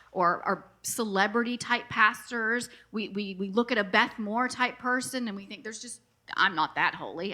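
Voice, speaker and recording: A woman pastor giving a sermon in a conversational, animated way, with frequent asides and "right?" checks to the congregation. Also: a little high.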